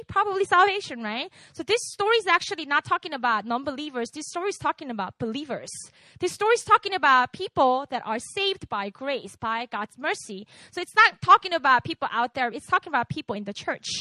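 In a dry, close recording with no echo, a non-American woman preacher gives a conversational sermon to young listeners. Her pitch is animated, and she keeps testing the crowd with "right?"

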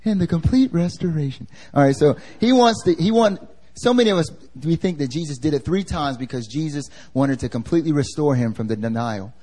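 Expressive male preacher, slightly higher voice. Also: brisk. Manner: dramatic, swings from loud emphasis to hushed near-whisper; acts out quoted voices, laughs at himself. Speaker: pastor. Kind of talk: sermon. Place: church service, live.

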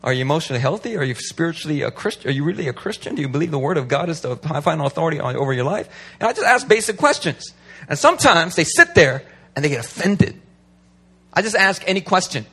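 A man's voice: fairly high pitch, fast talker, slightly rough. A man who is a pastor, talking casually and animatedly, acting out what people say. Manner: animated, acts out quotes. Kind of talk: casual talk.

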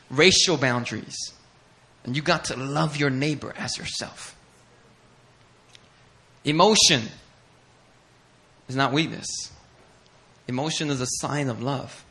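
Bright-voiced, fervent male preacher. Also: medium pitch, slow pace, long pauses. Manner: passionate, emphatic, building intensity with repetition. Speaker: pastor. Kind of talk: sermon.

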